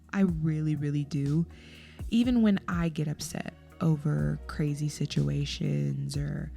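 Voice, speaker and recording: A woman's voice: sits low, vocal fry, dark tone. A woman hosting her own podcast, telling a story in a chatty, rambling way with lots of "like". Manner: chatty, rambling, heavy use of "like". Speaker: podcast host. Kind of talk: casual solo podcast storytelling.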